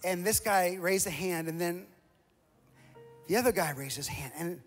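A man with a high-pitched voice preaching from the pulpit, spinning a comic personal story full of self-mocking jokes. His voice rings out with a long echo that hangs in a large church hall. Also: a little slow, soft background music. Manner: humorous, lively storytelling with self-mocking asides. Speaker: pastor. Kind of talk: storytelling sermon.

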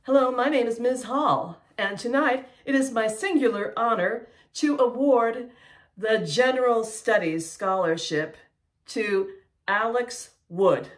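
A woman teacher giving an earnest, animated award speech, addressing her student directly. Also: on the high side, slow.

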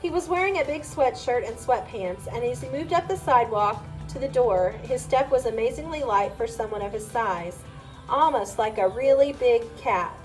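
A woman's voice: fairly high pitch, animated, normal speed, over music, poor audio. A woman reading a chapter book aloud, narrating steadily in the first person. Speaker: reader. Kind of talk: storybook read-aloud.

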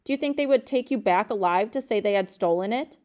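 Woman reading as a fierce young mother, urgent, pressing, slowed for emphasis, storybook reading. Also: mid-range voice, expressive, darkish tone, lightly acted. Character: fierce young mother urging her husband on.

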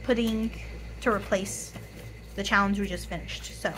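A young woman in her twenties with a hoarse, raspy voice, chatting casually to camera, often apologizing and counting money out loud. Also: mid-range voice, steady tone, moderate pace, slight background noise, low-quality recording. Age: 20s. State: hoarse, voice tired. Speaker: budgeting YouTuber.

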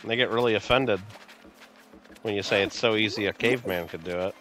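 With music in the background, a lowish-voiced man talks a little fast while hosting a casual game livestream. He meanders through chatty banter, answering viewers by their names.

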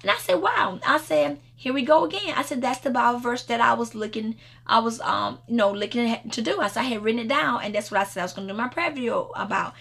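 Gravelly-voiced woman minister telling a story. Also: fairly high pitch, quick pace, fairly bright tone. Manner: rambling storytelling with frequent restarts and laughter. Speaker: minister leading a prayer video. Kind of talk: informal devotional talk.

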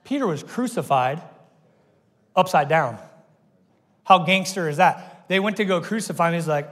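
Animated pastor preaching in a reverberant hall. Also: male voice, fairly high pitch, moderate pace, pauses often. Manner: animated storytelling, acts out quoted voices. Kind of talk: sermon. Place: church auditorium. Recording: long reverb of a church hall.

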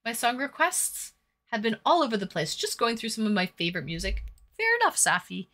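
On a painting stream, a woman casually reads viewer comments aloud and cracks crude jokes. Her voice is on the high side, very animated and sharp-toned, and she speaks briskly.

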